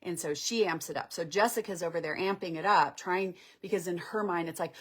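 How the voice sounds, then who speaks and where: A woman's voice: fairly low pitch, fairly quick, few pauses, slightly rough. A woman relationship coach explaining on a live stream in a conversational way, often checking in with "right?". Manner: conversational, acts out couples' lines, checks in with "right?".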